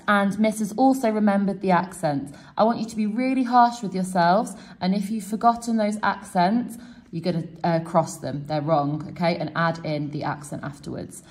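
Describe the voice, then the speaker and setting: A woman's voice: mid-range voice, a little mellow. A woman teacher showing students a self-quiz method step by step and cheering them on. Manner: encouraging, explains step by step. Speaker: French teacher. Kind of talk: classroom demonstration.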